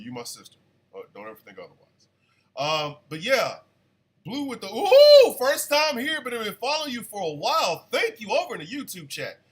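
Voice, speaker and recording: A man hosting a casual live radio show, chatty and animated, still congested from an illness. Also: mid-range voice. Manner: chatty, animated, shouts at his dogs. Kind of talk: casual livestream talk radio.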